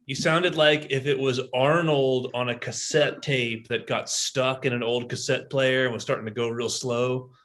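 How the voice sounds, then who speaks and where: A man's voice: mid-range voice, steady tone, moderate pace, hardly any pauses, fairly bright tone. A man co-hosting a podcast in casual chat, giving teasing, joking feedback. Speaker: podcast co-host.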